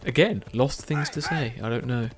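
Tired and nursing a sore throat, the gaming video host talks in a mid-range voice at normal speed while he plays. He's chatty and rambling, often stopping to correct himself.

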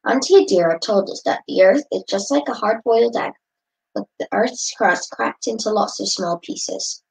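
A woman's voice: medium pitch, lively intonation, moderate pace, creaky, poor audio. Woman reading a children's storybook aloud. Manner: reading with occasional slips and laughs. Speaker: storybook reader.

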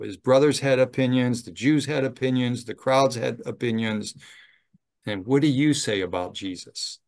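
A middle-aged man, a chaplain, giving a slow, gentle training talk on ministry, with some fillers. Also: on the low side.

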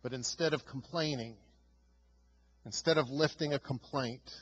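A male pastor preaching a sermon with emphatic delivery, swinging from loud stresses to hushed lines. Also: mid-range voice, a little slow, husky, highs cut off.

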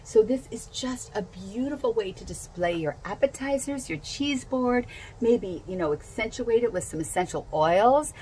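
A woman's voice: a little high, expressive, moderate pace, a little mellow, a little hiss or hum, rough recording. A woman gushing enthusiastically as she unboxes and shows off products in a casual vlog at home. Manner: gushing and enthusiastic, repeats herself. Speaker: essential oils seller.

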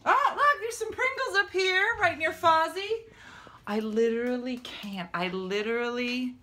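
There's a little hiss or hum as a middle-aged comedian vlog host rants in exasperation from her bedroom, gasping and exclaiming. Her high-pitched voice has a sharp tone and a measured pace.

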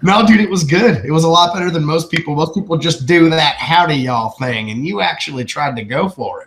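A man's voice: fairly high pitch, fairly quick. Swearing Texan man, casual podcast. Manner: profane, animated. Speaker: podcast co-host. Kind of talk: casual chat.

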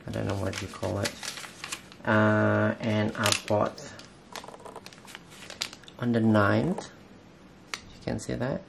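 A man with a non-native English accent, talking through an unboxing haul as a vlogger in halting, hesitant English full of fillers. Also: lowish voice, little pitch movement, gravelly. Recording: roomy echo, distant mic, faint noise.

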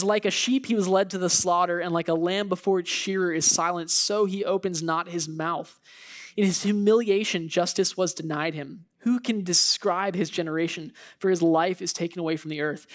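A preacher giving a sermon in a church, retelling a Bible story in a conversational way with asides. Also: mid-range voice. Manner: storytelling, acts out biblical figures' thoughts.

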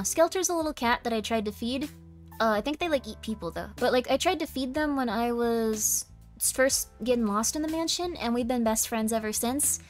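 A woman streamer chatting casually with her live chat, bubbly and self-deprecating, with lots of giggles and "like.". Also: on the high side. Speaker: VTuber streamer.

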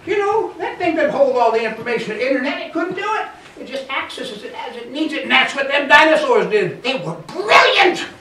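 A man voicing an excitable, folksy man who insists on a crackpot theory about dinosaurs, cackling and talking with country grammar. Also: very high voice, fairly quick, hardly any pauses, reverberant, distant mic, a little hiss or hum, voice pushed up, full character voice. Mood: gleeful, insistent. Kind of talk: live storytelling character voice.

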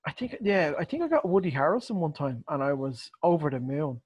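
A man's voice: on the high side, big pitch swings, brisk, a little mellow, breathy edge, muffled recording. Stammering, chuckling man. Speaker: host. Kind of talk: casual podcast chat.

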